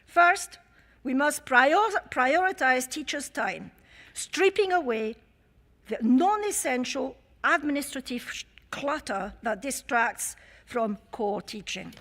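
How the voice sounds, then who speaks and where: A woman with a French accent gives an emphatic, rhetorical address to a union conference. Her voice sits high and bright in pitch. The sound carries the long reverb of a large hall. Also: lively intonation, slow pace. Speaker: conference speaker and chair. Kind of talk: conference speech.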